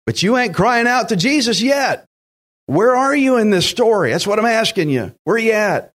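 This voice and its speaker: Guy preaching a sermon, kinda high voice that swings all over, talks right at you. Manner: animated, emphatic preaching with acted-out quotes; addresses listeners directly as friends. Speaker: pastor.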